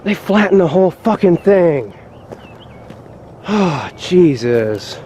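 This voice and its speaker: Man, profane exasperated rant, walk-and-talk vlog, warm mellow tone, outdoors, faint background noise. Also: high-pitched, sing-song, slow, highs cut off. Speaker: vlogger. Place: outdoors on a rural trail among fields.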